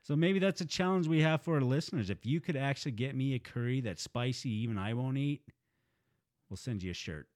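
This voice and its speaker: A man's voice: mid-range voice, lively intonation, fairly quick, darkish tone, no echo. Joking man in dry podcast chat. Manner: joking, self-mocking, laughs between lines. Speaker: podcast co-host. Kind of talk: casual crude podcast chat.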